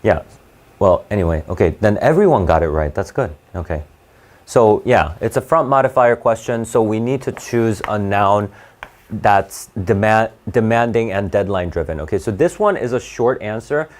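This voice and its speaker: A man teaching an SAT class live, talking in a halting, conversational way with frequent restarts and fillers. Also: fairly low pitch, expressive, a little mellow. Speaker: SAT tutor.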